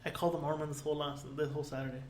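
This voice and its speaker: Man, podcast co-host, easygoing, profane, rambling, slightly high voice. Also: flat delivery, racing, a little mellow, a little hiss or hum. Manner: laid-back, swearing, trails off mid-thought. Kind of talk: casual drunk podcast chat.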